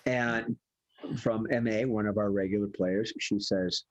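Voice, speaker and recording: A man's voice: lowish voice, fairly even intonation, measured pace. A man hosting an improv game over a video call, giggling and reading prompts from a hat. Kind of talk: hosting online improv show.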